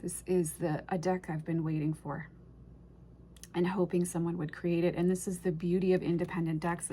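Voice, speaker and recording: Unboxing an oracle deck in a casual review, this woman speaks in a lowish, mellow voice over a faint hiss or hum. She gets emotional and effusive, frequently letting sentences drift off before restarting them.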